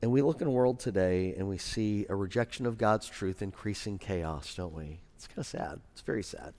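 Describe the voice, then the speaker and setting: A man pastor preaching a sermon in a conversational way, with wry asides and quieter serious points. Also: on the low side, normal speed, long reverb tail.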